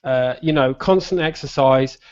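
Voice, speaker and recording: A man's voice: medium pitch, normal speed, a little mellow, clean tone. A man with a Buckinghamshire accent co-hosting a stream, chatting casually and swearing freely as he tells jokey stories. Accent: Buckinghamshire English. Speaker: stream co-host. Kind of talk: casual chat. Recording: slightly muffled stream audio.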